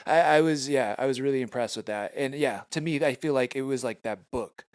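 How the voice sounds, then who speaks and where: A man's voice: mid-range voice, a little fast, clear, resonant tone, no room sound, studio quality. A male podcast host talking with eager enthusiasm in a casual interview.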